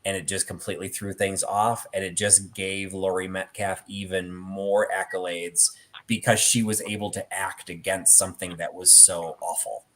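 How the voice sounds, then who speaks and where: A man's voice: sits low, little pitch movement, normal speed, a bit bright, a little hiss or hum. A middle-aged man hosting a casual chat about theatre collectibles, telling stories with many fillers. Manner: rambling storyteller with many fillers. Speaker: host.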